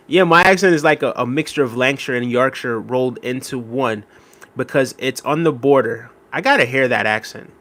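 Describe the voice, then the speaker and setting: A man's voice: mid-range voice, moderate pace, fairly bright tone. Rambling man chatting on a live stream. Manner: rambling and conversational, many fillers, reacting to chat. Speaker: livestream host. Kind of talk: casual live-stream chat reading viewer comments.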